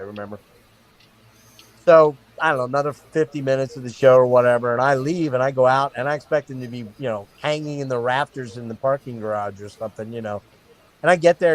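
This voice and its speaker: A middle-aged man hosting a stream, telling a wild story in a casual, animated and profane way. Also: medium pitch, fairly quick, poor audio. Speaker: stream host.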